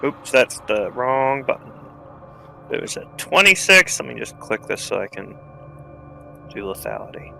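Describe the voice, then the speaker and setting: A man's voice: mid-range voice, big pitch swings, measured pace, gravelly, sharp tone, faint music behind, rough recording. A man playing in a tabletop game, chatting casually and thinking aloud about his moves. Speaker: player.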